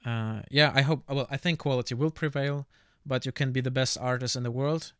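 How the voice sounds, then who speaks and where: A man with a Russian accent muses out loud while he draws on stream. He stops now and then to hunt for the right word. His voice is smooth and resonant at an ordinary middle pitch, and it sits dry and close to the mic. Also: no room sound. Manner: halting, often stops to search for words; relaxed, reflective, laughs easily. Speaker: art streamer. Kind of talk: casual chat while drawing on stream.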